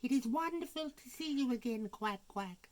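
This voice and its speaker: A man voicing a fussing, loving mother duck in a high, squeaky quacking voice while reading a picture book to children. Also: lively intonation, moderate pace, a little mellow. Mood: overjoyed. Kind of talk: storybook read-aloud for children.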